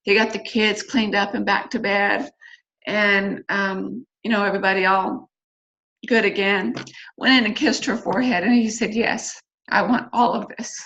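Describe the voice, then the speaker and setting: A woman's voice: mid-range voice, steady tone, moderate pace, gravelly, fairly bright tone. A middle-aged woman hosting a church singles class, talking casually and candidly with many fillers and asides. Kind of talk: casual talk to a church group. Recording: slightly dull lo-fi recording.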